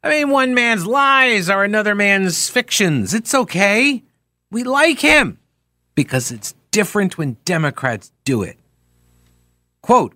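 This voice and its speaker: A man's voice: sits high, sing-song, unhurried, pushed and bright, no room sound. A man hosting talk radio, giving sarcastic, mocking commentary into a studio microphone.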